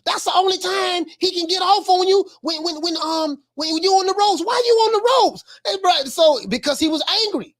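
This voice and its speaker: Excitable woman with a high voice. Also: normal speed, hardly any pauses. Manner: excitable, laughing, repeats phrases. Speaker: live-stream host reacting to a video. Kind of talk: excited reaction commentary.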